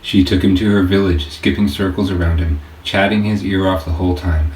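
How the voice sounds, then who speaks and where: A man reading his own novel aloud as an audiobook narrator, in a steady storytelling way. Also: sits low. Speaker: author and narrator. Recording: echoey room, faint hiss.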